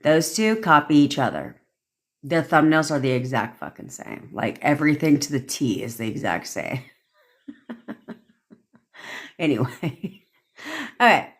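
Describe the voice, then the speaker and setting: A woman's voice: low-pitched, animated, a little slow, long pauses. A young woman coaching on a livestream, talking bluntly with lots of swearing and frequent laughter. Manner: blunt, profane, laughing often. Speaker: manifestation coach. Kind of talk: livestream rant.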